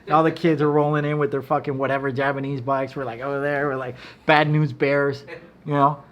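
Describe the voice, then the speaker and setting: A middle-aged man telling stories in casual chat, animated and profane, acting out quotes in a loud high voice. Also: brisk. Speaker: cigar brand owner. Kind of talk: casual storytelling.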